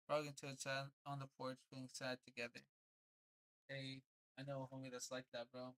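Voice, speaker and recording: A young man reads a children's storybook on a casual livestream. He narrates plainly and drops into laid-back, slangy asides. His voice sits at an ordinary middle pitch. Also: completely flat delivery, moderate pace, fairly bright tone, poor audio. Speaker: streamer reading aloud.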